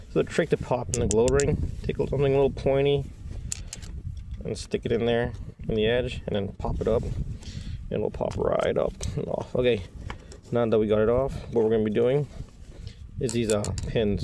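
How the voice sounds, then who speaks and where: Man, gravelly voice, warm low tone, casual repair tutorial, faint background hum. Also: normal speed, pauses often. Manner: relaxed, folksy step-by-step instructions. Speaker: locksmith.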